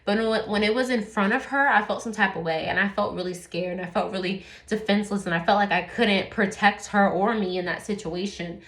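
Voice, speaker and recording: A woman's voice: medium pitch, fairly quick, few pauses, a bit bright. Candid woman in an echoey room. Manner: candid, rambling, many fillers and swearing. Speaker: YouTuber telling a personal story. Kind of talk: casual storytelling.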